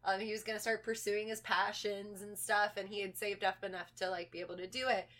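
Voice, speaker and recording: A woman's voice: mid-range voice, level tone, a little fast, a bit bright. A woman co-hosting a podcast, telling stories in casual, swear-filled chat with many likes. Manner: chatty storytelling, swears often, says like a lot. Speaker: podcast co-host.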